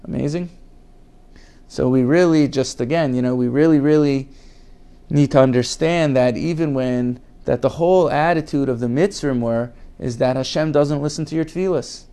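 Male Torah teacher, mid-range pitch, earnest, repeats words for emphasis, reads Hebrew quotes then translates. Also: normal speed, mellow, clear, resonant tone. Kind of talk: Torah class.

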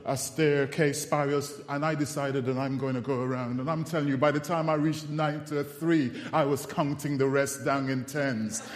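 A man preaching a sermon, telling funny personal stories in an animated, self-mocking way before reciting scripture. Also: medium pitch. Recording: echoey hall with long reverb.

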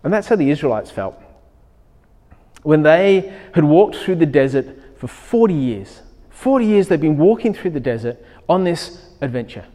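A pastor preaches in a voice a little high for a man, at a moderate pace, with the long reverb of a large hall around him. He slides into a personal story told with lively energy, acting out his own thoughts in voiced asides.

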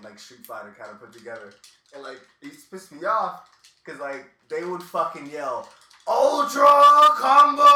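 A man's voice: medium pitch, sharp tone, echoey room, far from the mic, a little hiss or hum. A man hosting a casual chat with friends while they play a video game, talking loosely and swearing, with "like" in nearly every phrase. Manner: loose, profane, fills with "like".

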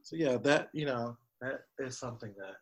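Husky-voiced man in casual chat. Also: mid-range voice, moderate pace. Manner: animated, rambling with fillers. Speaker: podcast co-host.

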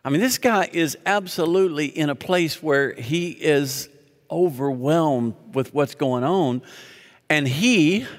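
Slowly and in a voice on the high side, a man preaches as pastor in a church sanctuary, reading scripture aloud and leading the congregation in call-and-response with joking asides. Long reverb from the large hall surrounds him.

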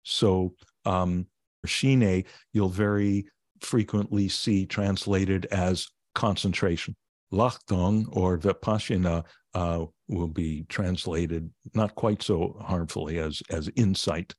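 A man with a low voice talks as a meditation teacher in a podcast interview. He explains in plain, gently humorous terms. The sound is close and dry, with no room around it. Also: fairly even intonation, slow, dry recording. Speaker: meditation teacher and author, guest.

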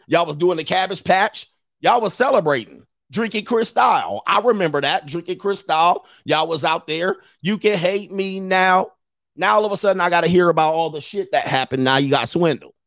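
Ranting high-voiced man, dry sound. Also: dry recording. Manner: scolding, mocking, laughs often. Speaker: commentary host. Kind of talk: ranting monologue.

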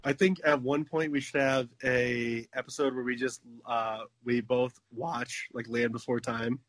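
A man's voice: medium pitch, little pitch movement, measured pace, no echo. A man in his thirties co-hosting a podcast in casual chat, joking and slipping into silly voices. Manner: jokey, slips into silly voices. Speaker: podcast co-host.

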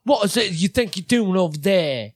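A man's voice: high-pitched, lively intonation, normal speed, no echo, pitched above the performer's own voice. A man doing an impression of a bossy shirtless tough guy barking orders in a raised, put-on voice.

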